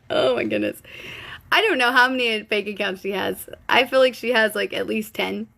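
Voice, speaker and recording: A woman's voice: mid-range voice, steady tone, normal speed, vocal fry, fairly bright tone. A young woman hosting a casual live stream, gossiping and speculating in a playful, cheeky way while answering comments from viewers. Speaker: livestream host.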